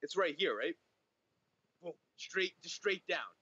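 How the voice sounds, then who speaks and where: A young man co-hosts a casual podcast, telling a story with earnest insistence and going back over his points. His voice is bright and a bit high, heard through a dull lo-fi mic with a dry, close sound. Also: expressive, a little slow, husky, no room sound. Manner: earnest, insistent, repeats himself. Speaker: podcast co-host.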